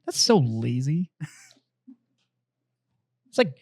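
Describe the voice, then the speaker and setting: A man co-hosting a podcast, teasing and swearing in animated casual banter. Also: medium pitch, very slow. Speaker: podcast co-host.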